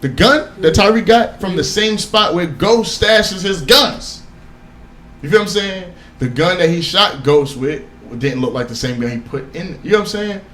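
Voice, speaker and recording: A man co-hosting a casual podcast chat, talking in an animated, insistent way and swearing freely. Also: high voice, normal speed, slight background noise. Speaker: podcast co-host. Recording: echoey room with faint ambience.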